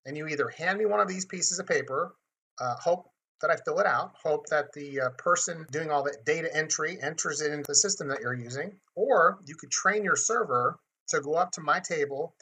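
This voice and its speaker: A man's voice: fairly high pitch, brisk, sharp tone, breathy edge. A man hosting a marketing webinar in a chatty teaching manner, often acting out little dialogues. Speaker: webinar host.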